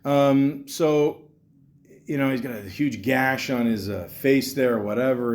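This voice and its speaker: A man's voice: medium pitch, measured pace, a little mellow, slight background noise. A man in his thirties from Canada hosting a podcast, telling a rambling story with lots of fillers and casual swearing. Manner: casual, profane, meandering with many fillers. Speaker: podcast host.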